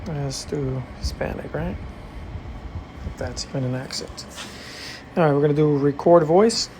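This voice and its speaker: A man's voice: on the high side, measured pace, noisy background. A man hosting a casual tech tutorial, talking through his screen with an easygoing, hesitant manner full of fillers. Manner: relaxed, hesitant with many fillers.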